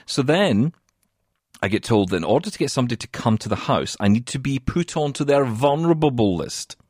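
A man from the UK co-hosting a podcast in casual chat, telling a story in an animated way and often laughing. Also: mid-range voice, brisk, husky, dry recording, studio quality. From United Kingdom. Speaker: podcast co-host.

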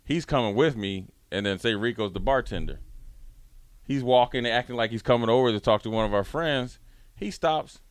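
A man hosting a radio talk show, telling a story in a casual, animated way and acting out his friends' lines. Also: mid-range voice, fairly quick, dry recording.

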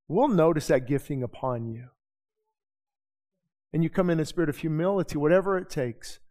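This pastor's sermon feels relaxed and chatty, peppered with rhetorical questions and fast asides. He has a somewhat high male voice with a warm tone and lively intonation, echoing with the long reverb of a church.

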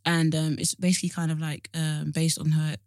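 A young woman with an Essex accent telling an animated story in casual chat, swearing and acting out what people said. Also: deep voice, fairly quick, dry recording, clean studio sound. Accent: Essex English. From Essex, England. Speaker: guest.

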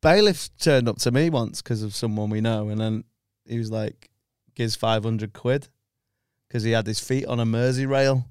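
A man's voice: medium pitch, a little mellow, clean tone, dry recording, studio quality. A man in casual podcast chat, bantering and swearing freely. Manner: sweary banter, quick reactions.

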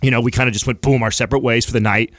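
A man's voice: mid-range voice, fairly even intonation, rapid-fire, fairly bright tone, no room sound, clean studio sound. Earnest reflective man on a podcast. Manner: earnest, reflective, swears casually. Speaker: podcast host. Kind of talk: candid podcast conversation.

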